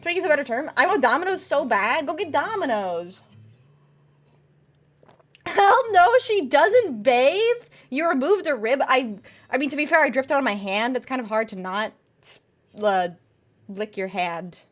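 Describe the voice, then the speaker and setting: A woman's voice: sits high, lively intonation, brisk, fairly bright tone. A young woman streaming, chatting casually with viewers, reading chat aloud and swearing freely. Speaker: VTuber streamer.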